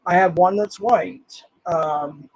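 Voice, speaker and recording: A man's voice: high voice, slow, no echo, poor audio. An older man streaming live, reading comments aloud in an angry, swearing rant.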